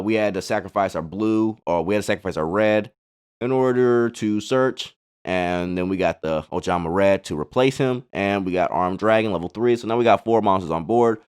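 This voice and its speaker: A man's voice: fairly low pitch, clear, resonant tone. A man casually commenting on card-game replays in a laid-back, slangy way, full of chatty asides. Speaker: gaming channel host.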